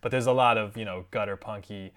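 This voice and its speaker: Animated male podcast storyteller. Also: on the low side, fast talker, clean tone. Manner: animated storyteller, acts out other people's lines. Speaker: podcast co-host. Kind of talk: casual storytelling chat.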